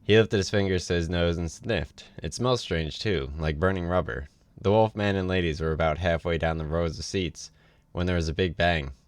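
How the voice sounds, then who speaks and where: A man reads a novel aloud for a livestream, in an easy, casual way with offhand asides. His voice sits very low. The sound is close and dry. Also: moderate pace, dry recording. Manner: casual read with ad-libbed asides. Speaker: reader.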